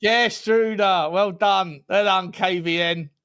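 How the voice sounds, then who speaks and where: A man co-hosting a football podcast, talking excitedly in casual slangy chat, rambling and cutting himself off mid-sentence. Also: on the high side, normal speed. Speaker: podcast co-host.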